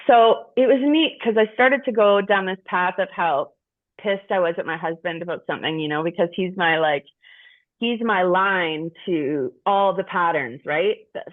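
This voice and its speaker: A middle-aged woman candidly sharing personal stories with a group, frank and profane, rambling with restarts. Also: mid-range voice. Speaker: group participant. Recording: tinny phone-like sound.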